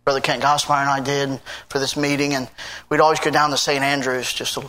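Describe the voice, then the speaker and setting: A man's voice: flat delivery, brisk, pushed and bright. Man, pastor, earnest sermon storytelling, mid-range voice, quotes others dramatically. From United States. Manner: earnest storytelling, acting out quoted talk with big pitch swings. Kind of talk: sermon testimony.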